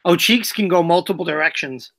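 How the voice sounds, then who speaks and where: A woman's voice: on the low side, a little fast, fairly bright tone. A woman hosting a casual live stream, playful and prone to giggling as she reads. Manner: playful, breaks into giggles while reading. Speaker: host.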